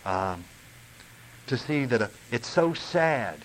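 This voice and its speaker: An older man, talking in an earnest, rambling, confessional way. His voice sits at an ordinary middle pitch. There is a faint hiss under the recording. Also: big pitch swings, slow pace, rough recording. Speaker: recovery speaker. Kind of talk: recovery talk.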